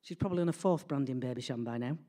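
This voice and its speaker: A woman, telling a comic family story in a lively, animated way. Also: extremely low pitch, rapid-fire. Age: 60s. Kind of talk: personal storytelling.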